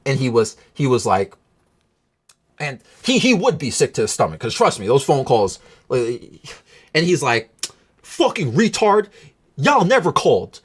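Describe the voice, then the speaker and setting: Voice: mid-range voice, big pitch swings, normal speed, long pauses, husky. A vlogger ranting through a breakup story in a rambling, profane way, often checking in with the listener. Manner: rambling, profane, keeps asking "you know what I'm saying". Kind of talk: storytime rant to camera.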